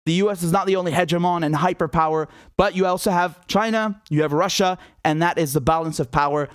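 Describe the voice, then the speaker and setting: High-voiced man ranting on a live stream. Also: fast, dry recording, clean studio sound. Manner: animated and scornful, laughs often, frequent restarts. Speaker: host of a live political commentary stream. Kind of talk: live-stream political commentary.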